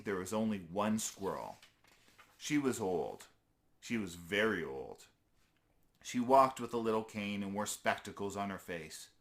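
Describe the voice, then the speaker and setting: A man's voice: on the low side, fairly bright tone. A man reading a children's story aloud in an easygoing way, with small slips he corrects as he goes.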